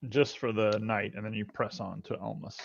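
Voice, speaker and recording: A man's voice: fairly low pitch, flat delivery, normal speed, vocal fry, highs cut off. A man running a tabletop game as game master, answering players briefly and matter-of-factly. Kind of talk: narrating a tabletop game over voice chat.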